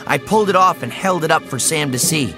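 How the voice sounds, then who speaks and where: A man narrating a children's story in the first person, expressive and animated. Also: on the high side, a little fast, music in the background. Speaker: audiobook narrator.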